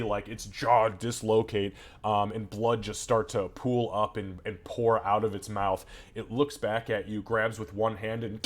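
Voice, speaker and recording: A man with a somewhat low voice runs a tabletop game as game master. He narrates the combat loosely and casually, swearing freely as he goes.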